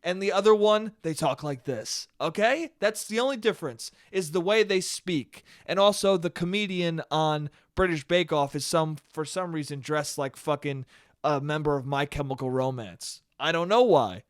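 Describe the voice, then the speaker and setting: A man's voice: fairly high pitch, moderate pace, no echo, studio quality. An American man hosting a solo podcast, ranting in a sarcastic, profane, exasperated way. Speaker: podcast host. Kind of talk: solo comedic rant.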